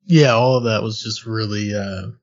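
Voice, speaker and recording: A man's voice: fairly low pitch, normal speed, dull audio. A man co-hosting a casual game review podcast, mostly chiming in with short, laid-back replies. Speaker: podcast co-host.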